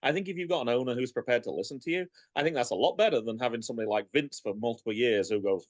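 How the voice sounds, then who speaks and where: Lively-voiced man giving opinions. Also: mid-range voice, very fast, few pauses, no room sound. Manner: opinionated, laughs easily, thinks aloud. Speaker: podcast co-host. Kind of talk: casual chat.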